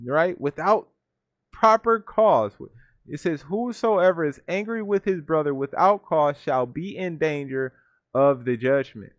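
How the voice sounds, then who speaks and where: A man leads a Bible study from home, reading verses aloud and breaking words down one by one. His voice sits at a middle pitch. The recording is dry and a little dull. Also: no room sound. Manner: reads verses then defines words, repeats "right?". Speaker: Bible teacher. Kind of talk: scripture study talk.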